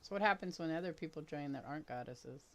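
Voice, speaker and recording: A woman's voice: sits low, lively intonation, fast talker. An older woman casually chatting and laughing while streaming a game with her daughter. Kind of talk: casual gameplay chat.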